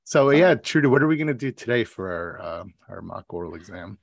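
A man speaks with a fairly low voice into a close, dry podcast mic. He tells stories and answers mock exam questions in a loose, casual way, full of fillers and restarts. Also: lively intonation, a little fast, vocal fry, dry recording. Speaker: podcast co-host.

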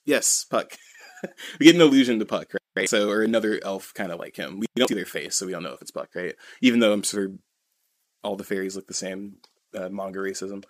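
With a lowish voice and a slightly quick pace, a man on a podcast casually rambles through a manga chapter recap, leaning on "you know" and "kinda." The recording has no room sound.

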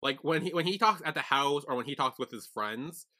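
A young man chatting on a podcast, laid-back, with a lively voice that swings up and down. His tone is bright, and he breaks into loud laughter and swears freely. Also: fairly high pitch, fairly quick. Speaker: podcast co-host. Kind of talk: casual chat.

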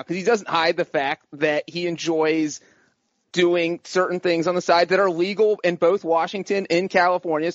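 Higher-voiced man, teasing chat. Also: dry recording, highs cut off. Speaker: podcast co-host. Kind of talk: casual sports chat.

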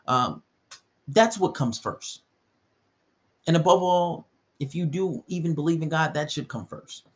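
On his own podcast, a young host preaches dating advice bluntly, and his pitch leaps dramatically whenever he acts out the voices of people he's quoting.

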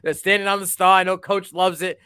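A man co-hosting a sports podcast in casual chat, animated and rambling, laughing often. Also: high-pitched, fairly quick, clear, resonant tone, dry recording, studio quality. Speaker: podcast co-host.

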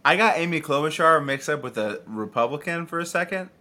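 A man co-hosting a podcast in casual chat, firing off quick, absurd wisecracks. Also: a little high, expressive, sharp tone. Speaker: podcast co-host.

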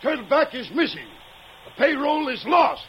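A man's voice: very high voice, big pitch swings, moderate pace, a bit bright, highs cut off, a little hiss or hum, full character voice. An actor playing a worried railroad boss and father in a 1940s radio drama, earnest and pleading. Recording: old radio drama, crowd behind.

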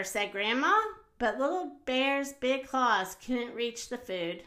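A woman reading a children's picture book aloud in a slow, expressive way. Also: a little high.

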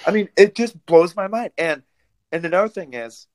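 A man's voice: high-pitched, no room sound. Fired-up male political podcast co-host. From immigrant to the US. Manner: fired-up, emphatic, fast rants with restarts. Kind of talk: heated political talk.

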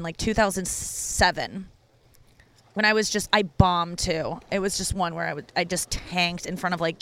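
A woman in her thirties hosting a podcast, telling a personal story in a chatty, candid way, full of fillers and casual swearing. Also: medium pitch. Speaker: podcast host.

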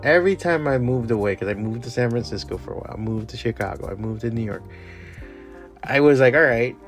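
A man's voice: medium pitch, fast talker, soft background music. A man from Miami hosting a solo podcast, ranting bluntly with lots of swearing and exasperation. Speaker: podcast host. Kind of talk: casual solo podcast rant.

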